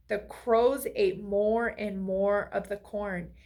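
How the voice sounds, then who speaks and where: A woman's voice: medium pitch, fairly even intonation, slow, a little mellow. A woman reading a children's picture book aloud, asking the listener friendly questions along the way. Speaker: storybook reader.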